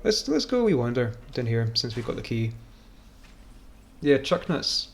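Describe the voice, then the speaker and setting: A man's voice: medium pitch, sing-song, normal speed, vocal fry, a little hiss or hum. A man streaming a game, rambling and joking in casual, self-mocking commentary. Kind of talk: casual commentary while gaming.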